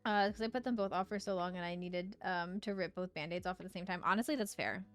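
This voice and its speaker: A woman's voice: on the low side, fast, faint music behind. A young woman chatting casually on a live game stream, bubbly and giggly as she reads chat aloud.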